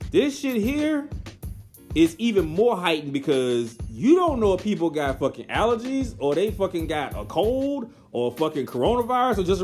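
A young man ranting in a profane, animated casual monologue. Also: sits high, moderate pace, soft background music.

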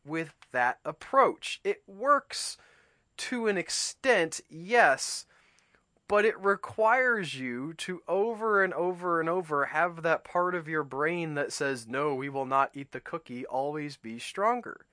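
In a clean, dry studio recording, a man with a fairly high, sharp-toned voice reads a children's story aloud and reflects on it. He takes it slowly, with lively intonation and small restarts as he hosts the talk.

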